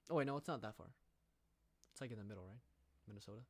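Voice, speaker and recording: A man's voice: fairly low pitch, racing, no room sound. Playful young man chatting on stream. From United States. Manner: playful, rambling, reads chat aloud. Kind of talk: casual live-stream chat. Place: at home, streaming setup. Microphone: studio microphone.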